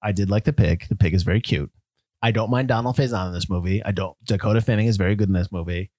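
A man co-hosting a casual movie podcast, a sarcastic and animated critic. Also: on the low side, fast, no echo. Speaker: podcast co-host.

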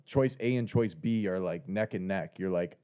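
Laid-back low-voiced man. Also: normal speed, mellow, smooth. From Canada. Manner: laid-back, slangy, dry humor. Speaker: podcast co-host. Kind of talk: casual chat.

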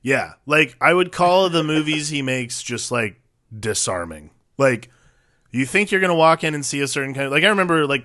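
A man's voice: mid-range voice, fairly bright tone, no room sound, studio quality. A man co-hosting a casual movie podcast, bantering and teasing playfully. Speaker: podcast co-host.

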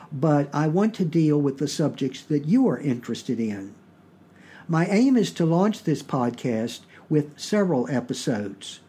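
A man with a Southern US accent hosts a podcast, explaining things in a plain, measured way. His voice is husky and pitched a little high for a man. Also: dark tone. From Virginia, US. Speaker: podcast host.

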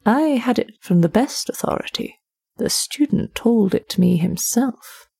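An older gentleman in a spoken storybook calmly vouches for a strange tale, as a woman narrator puts him on. He is solemn and assured. The voice is husky and breathy. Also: medium pitch, unhurried, heavily acted. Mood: solemn assurance.

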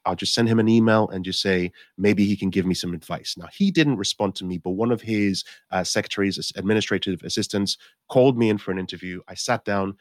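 This low-voiced man, a Nigerian actor in his forties, is a guest in an interview, narrating his life conversationally. He keeps restarting, correcting himself, and dramatizing what he used to think. There's no echo, just clean studio sound.

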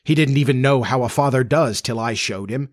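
A man's voice: mid-range voice, fairly quick, no echo, studio quality, natural voice. Grumbling storybook boy, sulky, voiced by a man.

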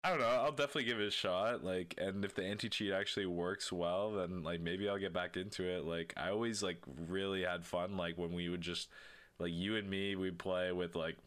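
A man's voice: sits low, fairly even intonation, brisk, a bit bright. A man co-hosting a gaming podcast, chatting casually and laid-back, swearing freely and trailing off with fillers. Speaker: podcast co-host.

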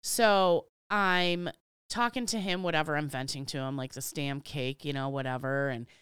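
This podcast co-host animatedly tells a work story in casual chat, playing out each exchange in dialogue and venting with casual swearing. Their medium-pitched voice is clear and resonant at a moderate pace, with no echo.

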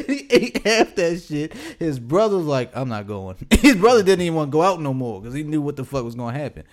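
A podcast co-host in his late twenties from the Pasadena area of California tells a casual, profane story, laughing often. His voice runs on the high side, expressive and fairly quick.

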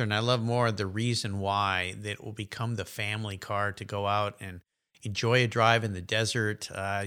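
Bright-voiced upbeat male podcast host. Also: medium pitch, smooth. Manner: upbeat, friendly, encouraging. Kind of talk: casual interview chat.

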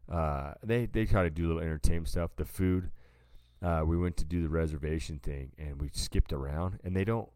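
A man's voice: a bass voice, moderate pace, mellow, dry recording, clean studio sound. A man co-hosting a podcast, casually telling a rambling story and calling his listener "dude" a lot. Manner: laid-back, rambling, says "dude" a lot. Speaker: podcast co-host.

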